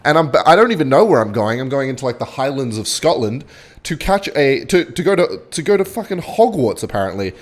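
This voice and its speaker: A young man with a London accent, casually telling a comic, swearing story while playing a game, with quick jumps in his voice. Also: mid-range voice, very animated. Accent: London English. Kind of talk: casual storytelling over gameplay.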